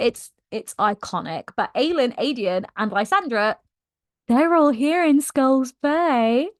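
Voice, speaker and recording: A woman's voice: high voice, no room sound, studio quality. A young woman giving a casual book recap, gushing and slangy, laughing often. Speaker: book vlogger.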